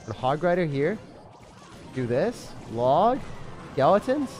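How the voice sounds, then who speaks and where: A man giving excited, self-mocking commentary over his own gameplay, full of gamer slang, swinging from hype to groans. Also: a little high, takes it slowly, soft background music. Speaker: gaming creator.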